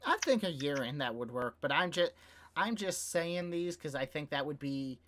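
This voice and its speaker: A young man with a slightly high voice rambles through a casual podcast chat. He hesitates often with fillers and laughs easily as his thoughts wander. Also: animated, moderate pace, fairly bright tone, a little hiss or hum. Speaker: podcast co-host. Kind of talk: casual chat about video games.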